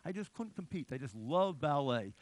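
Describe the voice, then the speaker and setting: A man giving an unscripted lecture, animated and digressive, with frequent restarts. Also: on the high side, normal speed, no echo.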